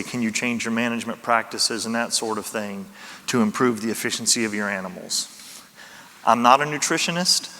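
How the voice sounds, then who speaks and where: Brief: male speaker, Louisiana drawl, easygoing conference talk, bright tone, booming hall. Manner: folksy, self-deprecating humor. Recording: reverberant hall.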